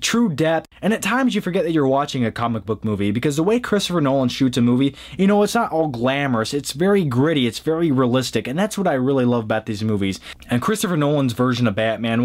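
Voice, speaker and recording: A man's voice: medium pitch, expressive, fast talker. A man hosting a casual top-ten countdown of movies, chatty and joking, often adding fillers as he talks. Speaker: movie review vlogger.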